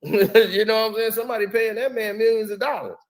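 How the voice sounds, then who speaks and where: High-pitched man, streamer, casual slangy chat, laughs a lot, animated. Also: fairly quick. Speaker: live stream host.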